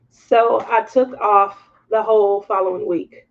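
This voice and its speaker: A woman hosts a craft livestream and chats with her viewers in an unhurried, candid way. Her voice has a gravelly, fry-heavy edge. The recording sounds dull and lo-fi. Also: mid-range voice, slight background noise. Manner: animated, candid, laughs as she tells it. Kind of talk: casual storytelling chat to viewers.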